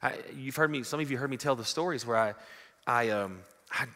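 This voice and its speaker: A man preaching a sermon, telling stories and swinging from loud to hushed. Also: medium pitch, a little fast. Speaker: pastor. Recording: long hall reverb.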